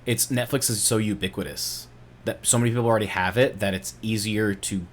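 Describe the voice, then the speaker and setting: A man's voice: lowish voice, steady tone, fairly quick, a little hiss or hum. A man co-hosting a casual gaming podcast, laid-back and hedging his opinions. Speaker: podcast co-host.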